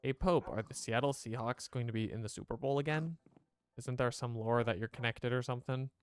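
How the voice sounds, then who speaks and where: A man's voice: medium pitch, fairly quick, smooth. A man streaming a game, chatting casually to his viewers and rambling as he plays. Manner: rambling, chatty, talks to chat.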